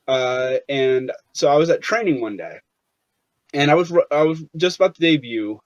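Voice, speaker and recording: A man's voice: fairly high pitch, lively intonation, moderate pace, dry recording. Man, interview guest, rambling, lots of fillers, dull lo-fi recording. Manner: rambling, many fillers and restarts. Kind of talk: casual interview storytelling. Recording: dull, lo-fi sound.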